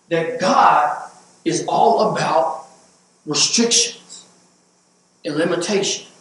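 A man's voice: on the high side, fairly bright tone. A man preaching a sermon as pastor, repeating words as he builds to emphatic points. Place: church sanctuary. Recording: echoey church hall, mic at a distance.

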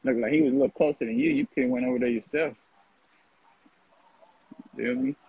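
A man's voice: mid-range voice, huge pitch swings, fairly quick, creaky, breathy edge, no room sound. A man from North Richmond, California, talking bluntly and brashly in a profane, mocking monologue about prison life. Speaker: former prison inmate telling his story. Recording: phone-like lo-fi audio.

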